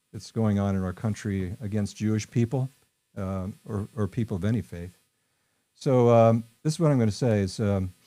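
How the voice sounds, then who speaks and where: American male podcast host, lowish warm voice, rambling and opinionated. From New York, USA. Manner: rambling and opinionated, many ums and uhs. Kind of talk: casual political podcast talk.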